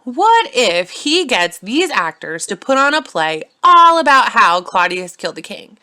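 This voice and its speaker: A woman's voice: fairly high pitch, sing-song, a little slow, sharp tone, smooth. A young woman narrating a playful, silly retelling of a classic story, with casual slangy asides.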